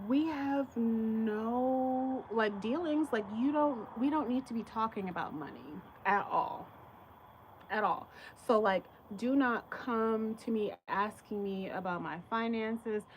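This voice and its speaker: A woman tarot reader chatting casually on a live stream, telling blunt, profane stories and acting out other people's lines in a higher voice. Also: slight background noise, low-quality recording. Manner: candid storytelling, swears freely, acts out quotes in a higher voice.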